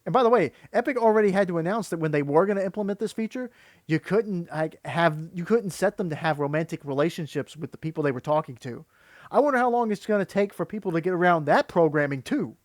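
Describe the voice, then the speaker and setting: A man's voice: high voice, no room sound, studio quality. A man giving critical, exasperated reaction commentary that rambles and restarts. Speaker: video commentator.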